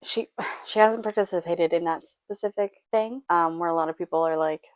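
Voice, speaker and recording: Blunt woman host for a reaction video, slightly low voice, dry sound, casual sarcastic delivery. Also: a little fast, no echo. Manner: blunt, sarcastic, frequent "like" and laughs.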